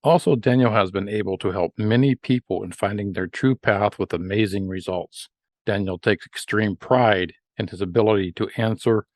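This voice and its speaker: A man hosting a podcast interview, hoarse and losing his voice, talking in a halting way and repeating words. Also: on the low side, no room sound, studio quality. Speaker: podcast host.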